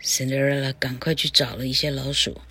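A woman teacher reading a storybook aloud slowly and carefully in a bilingual lesson. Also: a bass voice, little pitch movement, pushed and bright, slightly rough, no echo. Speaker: English teacher.

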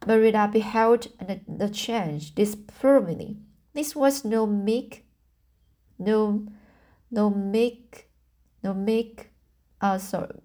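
A woman's voice: medium pitch, dark tone. A woman reading a novel aloud, often stumbling over words and restarting lines. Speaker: audiobook reader. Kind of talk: amateur audiobook narration.

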